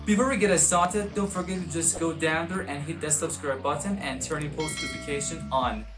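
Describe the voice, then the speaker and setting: Low slow-talking woman teaching french words, repeats stuff over and over, faint music behind. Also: fairly even intonation. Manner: repeats words slowly and coaxes the listener to repeat. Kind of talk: vocabulary lesson with repetition drills.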